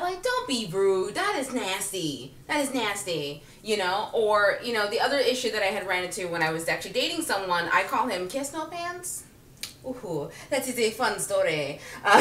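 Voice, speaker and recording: A woman's voice: a little high, normal speed, roomy sound, recorded from a distance. A woman telling a comic personal story in a casual, sassy way, laughing often and acting out what people said. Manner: animated, sassy, laughs often, acts out quotes. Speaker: vlogger.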